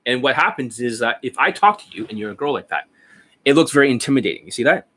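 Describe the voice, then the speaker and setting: A blunt, foul-mouthed dating coach in his forties, talking casually and demonstrating as he goes. His voice is bright and forward, with a husky, slightly rough edge. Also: mid-range voice, animated, quick pace. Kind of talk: casual instructional talk.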